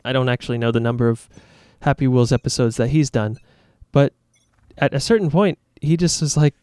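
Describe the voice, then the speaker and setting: Man, YouTuber, casual reflective talk, earnest, rambling, self-critical, mid-pitched voice. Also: brisk, a little mellow, clean tone, dry recording.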